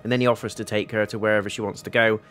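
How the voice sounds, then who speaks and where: Lower-voiced man recapping a TV episode. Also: little pitch movement, rapid-fire, a bit bright, faint music behind. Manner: rambling plot recap with paraphrased quotes and fillers; blunt, occasional swearing. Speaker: TV reviewer, channel host. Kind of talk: casual spoken TV episode review.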